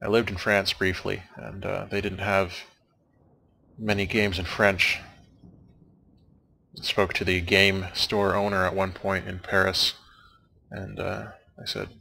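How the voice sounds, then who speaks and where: A man's voice: sits low, little pitch movement, unhurried, creaky, long pauses, bright, forceful tone, a little hiss or hum. A young man casually rambling as a let's play commentator, making wry, dry jokes and wandering off on asides. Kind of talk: casual rambling commentary over game credits.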